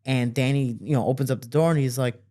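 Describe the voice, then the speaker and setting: A man telling stories from his childhood as a guest in an interview, with lively quoting and relaxed fillers. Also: quick pace. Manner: animated, jumps higher to quote people; fillers and restarts, relaxed flow. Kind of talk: casual storytelling.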